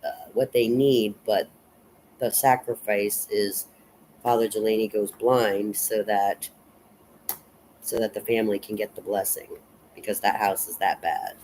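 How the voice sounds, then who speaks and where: A woman casually recapping and analyzing a film in a rambling, unhurried way, full of fillers and restarts. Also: a bass voice, fairly even intonation, a little mellow, a little hiss or hum, poor audio. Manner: unhurried and reflective. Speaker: film reviewer.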